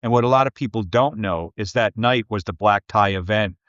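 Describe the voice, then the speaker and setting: A man's voice: lowish voice, brisk, dry recording, lo-fi sound. A man, a business coach, telling stories in a podcast interview and acting out the people he quotes. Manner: lively storyteller who acts out quoted people.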